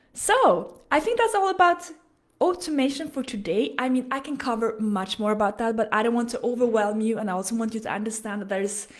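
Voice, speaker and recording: A woman, hosting a solo coaching podcast in an energetic, persuasive way. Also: a little high. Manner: energetic, persuasive, talks straight to listener. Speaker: podcast host and business coach.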